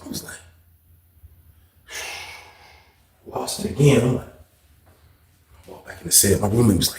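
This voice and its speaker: A man's voice: on the low side, measured pace, gravelly, long pauses, echoey room. A man telling a story in a casual, profane way, acting out his own lines with big jumps in voice. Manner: animated, profane, acts out his own quotes.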